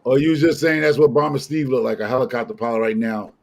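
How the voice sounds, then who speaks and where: An American man co-hosting a livestream, joking around in a casual, animated way. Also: mid-range voice, fast, creaky. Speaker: co-host.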